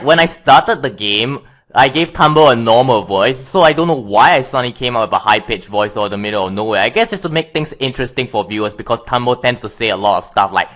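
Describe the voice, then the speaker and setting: A man's voice: medium pitch, expressive, fast, a bit bright. A man being interviewed as a guest, rambling and often correcting himself. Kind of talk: casual interview chat.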